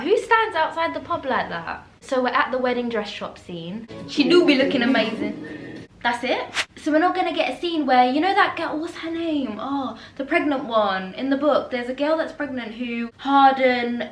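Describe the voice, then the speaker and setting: A young woman, chatting casually and laughing easily as she reacts to and reviews a film. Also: high-pitched. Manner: chatty, animated, quick to laugh. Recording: roomy echo.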